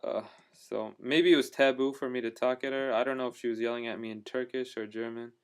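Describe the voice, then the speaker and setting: A man records a casual video diary, talking to the camera about his travels. His voice is smooth and clear and sits at an ordinary middle pitch. He rambles enthusiastically, stopping and restarting his sentences and filling the gaps with "uh" and "you know.". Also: fairly even intonation, a little fast. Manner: rambling, full of fillers and restarts; enthusiastic storyteller. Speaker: travel vlogger.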